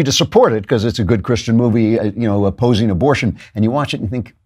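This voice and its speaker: Husky, sarcastic male commentary host. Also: on the low side, fast, hardly any pauses. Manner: sarcastic, animated. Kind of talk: political commentary monologue.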